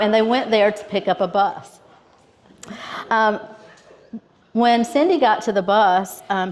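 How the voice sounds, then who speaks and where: Southern woman telling a funny story. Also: mid-range voice. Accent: Southern US, Georgia. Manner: lively, laughing often while telling a story. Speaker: awards presenter. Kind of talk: humorous storytelling speech. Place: school banquet hall with an audience. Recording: audience laughter in a hall.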